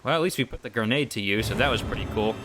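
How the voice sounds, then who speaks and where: A man doing live gameplay commentary on a desk mic at home, excitable and cursing as he yells at enemies. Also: mid-range voice, very fast, soft background music. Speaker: gaming YouTuber. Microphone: desk condenser mic.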